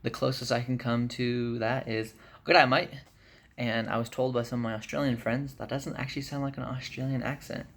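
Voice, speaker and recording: Tired guy vlogging, loose and chatty, gravelly voice, lots of ums. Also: medium pitch, a little fast, few pauses. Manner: rambling, filler-heavy, relaxed chat. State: jet-lagged, tired. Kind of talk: casual vlog update. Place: hotel room.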